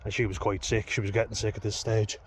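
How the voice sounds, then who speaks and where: A lowish-voiced man recounting his own past in a raw, frank vlog. He talks bluntly and swears freely. A faint hum of room noise sits under his voice. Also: level tone, quick pace. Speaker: vlogger. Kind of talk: candid storytelling to camera.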